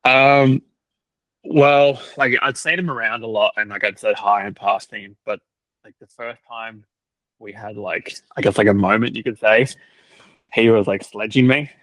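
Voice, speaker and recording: A man's voice: fairly low pitch, a little slow, a bit bright, dry recording, poor audio. Young man telling stories, dry sound. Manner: storytelling, lots of "like" fillers, laughs often. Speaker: cricket team videographer. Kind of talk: casual podcast chat.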